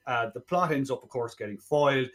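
A man's voice: medium pitch, a little fast, fairly bright tone. Chatty man retelling a film plot. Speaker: film podcast co-host. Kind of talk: casual film review chat.

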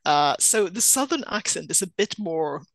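A woman's voice: lowish voice, expressive, moderate pace, vocal fry, no room sound, poor audio. A woman from Sweden, talking casually as a guest on a podcast and laughing often. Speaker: guest correspondent.

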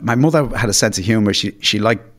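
A man's voice: on the low side, fast talker, a bit bright. A man, a podcast guest, telling comic anecdotes in a self-deprecating way, often stumbling and restarting his sentences. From Ireland. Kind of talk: anecdotal storytelling.

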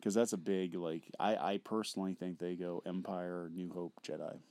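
A man's voice: low-pitched, little pitch movement, moderate pace, a little mellow, no room sound. A man co-hosting a podcast in casual chat, rambling and hesitant with many fillers. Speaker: podcast co-host.

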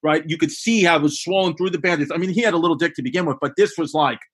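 A man's voice: on the high side, rapid-fire, breathy edge. A man in his forties, a comedian, telling crude, rambling stories in a casual podcast chat.

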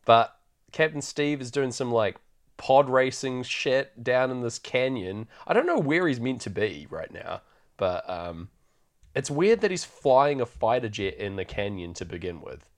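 A man's voice: medium pitch, animated, a little slow. A man hosting a podcast, chatting loosely through a film recap and laughing often. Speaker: podcast host. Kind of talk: casual film recap chat.

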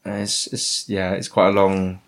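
A man, co-hosting a podcast in a casual chat, halting and restarting often and joking in slang. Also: sits low, completely flat delivery, a little hiss or hum. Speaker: podcast co-host.

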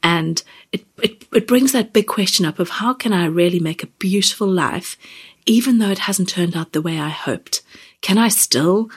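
A woman in her thirties or forties hosting a podcast, speaking gently and haltingly about personal feelings, close to tears. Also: fairly low pitch, slightly rough. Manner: gentle, halting, many fillers and restarts. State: near tears. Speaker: podcast host. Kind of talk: reflective personal podcast talk.

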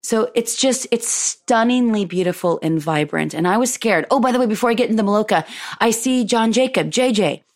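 A woman hosting a show, chatting warmly through a personal story, laughing often and acting out what people said. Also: fairly high pitch, expressive, a little fast. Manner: effusive and chatty, laughs often, retells dialogue. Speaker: podcast host.

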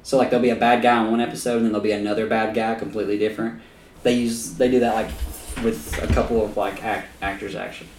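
A man's voice: lowish voice, flat delivery, fast, darkish tone, reverberant, far from the mic, a little hiss or hum. A man co-hosting a podcast in casual chat, enthusiastic and loose, swearing freely as he gushes. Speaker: podcast co-host.

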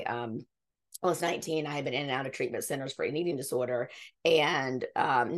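A woman in her fifties, a podcast guest telling her story in an earnest, rambling way, often restarting her sentences. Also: very deep voice. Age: 50s. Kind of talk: conversational interview storytelling.

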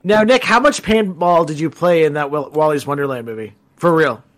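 High-voiced man making crude quips. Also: brisk, fairly bright tone. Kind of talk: casual movie commentary chat.

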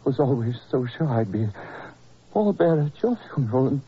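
A man playing a dying, feverish Sherlock Holmes in a 1940s radio drama, weak and stammering with sudden sharp outbursts. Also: medium pitch, very animated, fairly quick, husky. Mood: weak, wry. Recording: dull old radio recording.

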